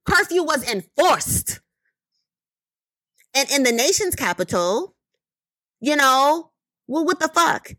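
Woman, high and very animated voice, emphatic profane commentary, unhurried delivery. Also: no room sound. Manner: emphatic, profane, rhetorical questions, repeated "you know what I mean". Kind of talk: impassioned commentary monologue.

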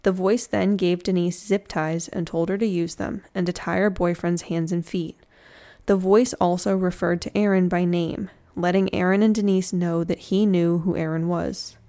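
Chatty woman telling true crime, slightly low. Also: mellow. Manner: chatty, with slangy joking asides. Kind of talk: casual true crime storytelling.

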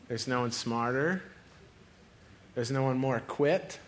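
A man's voice: mid-range voice, normal speed, pauses often, a bit bright. A young man preaching a sermon in a casual storytelling way, often laughing and acting out the voices of the people in his stories. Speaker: pastor.

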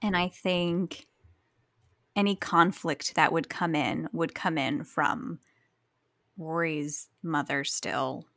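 Woman, from New Jersey, young, low voice, gravelly, dry close sound, chatty author guest. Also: fairly even intonation, a bit bright, no echo. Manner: chatty, acts out lines in quick bursts. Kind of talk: casual podcast interview.

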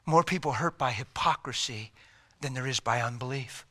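Bright-voiced preacher man, urgent and folksy. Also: medium pitch, normal speed. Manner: swings between loud urgent exhortation and quiet intimate hush; folksy, plain-spoken preaching. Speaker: pastor. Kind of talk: sermon.

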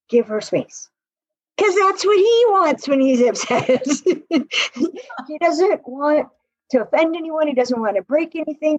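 A high-voiced woman who works as a relationship coach tells animated stories on a podcast, frequently laughing and acting out what people said. The audio sounds dull and has no echo.

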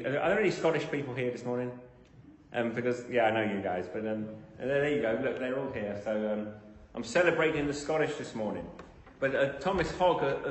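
A man preaching a sermon to a congregation, building to emphatic, repeated phrases. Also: medium pitch. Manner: builds to emphatic, rising repetition. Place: church. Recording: echoey reverberant church hall.

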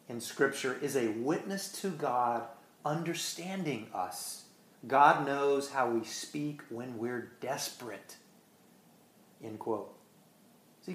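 A man preaching a sermon with earnest emphasis, swinging between quick bursts and slow, stressed words. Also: mid-range voice, reverberant. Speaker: pastor.

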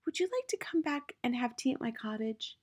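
A woman reading the part of a gentle, kind young schoolteacher who speaks softly, often close to a whisper, as an audiobook character. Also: on the high side, lively intonation, a little fast, husky, voice pushed up. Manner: soft-spoken, gentle, often near a whisper.

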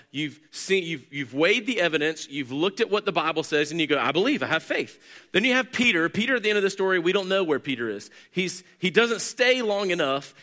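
A man preaching with a bright, forceful tone and a slightly high voice. He moves from a calm scripture reading into a lively, joking sermon, and his pitch jumps up when he drives home a point. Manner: animated, joking, rises high for emphasis. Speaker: pastor.

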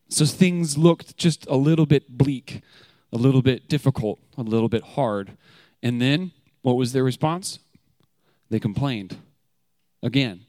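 A man's voice: mid-range voice, no room sound, clean studio sound. A man giving a short sermon to a congregation, casual and candid, with frequent fillers and rhetorical questions, growing emphatic as he tells the story. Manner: grows emphatic and animated when telling the story.

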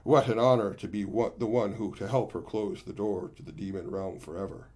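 A man's voice: on the low side, fairly even intonation, brisk, a little mellow, lightly acted. A gleeful, boastful monkey warrior, voiced by a man, spinning a tale of his own battle. He talks to his listeners as friends and plainly enjoys his own bragging.

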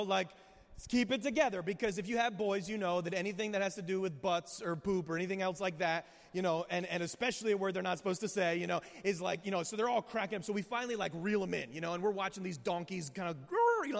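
A male pastor delivers a sermon with animated storytelling, peppering it with rhetorical questions and quick asides. His voice sits high for a man, and it rings out with a long reverb in a church hall. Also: creaky.

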